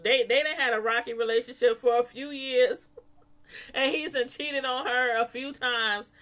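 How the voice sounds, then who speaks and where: High bright-voiced woman chatting to her viewers about a tv show, laughs a lot. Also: steady tone, moderate pace. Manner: chatty, laughs a lot, mimics people in quotes. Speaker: vlogger reviewing a reality show. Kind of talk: casual chat to viewers.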